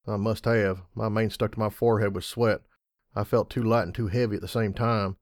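A man reading fan fiction aloud in an audiobook style, measured and wry. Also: on the low side, fairly even intonation, no echo, studio quality. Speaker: audiobook reader.

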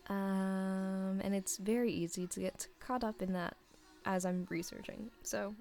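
Giggly young woman with vocal fry. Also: medium pitch, steady tone, a little slow, a little mellow, soft background music. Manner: rambling and giggly, heavy on fillers. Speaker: audio creator answering listener questions. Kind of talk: casual chat.

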